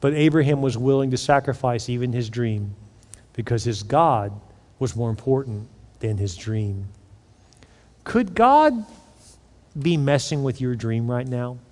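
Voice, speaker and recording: A man preaching a sermon as pastor, swinging from loud to hushed and acting out quoted voices. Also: medium pitch. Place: church auditorium. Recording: long reverb in a large hall.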